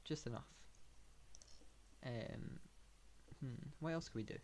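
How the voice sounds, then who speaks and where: A man's voice: medium pitch, slow pace, a little mellow, slight background noise. Man rambling through gameplay. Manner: meandering, thinking aloud with many fillers; dry sarcastic asides. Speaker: gamer. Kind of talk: casual gameplay commentary.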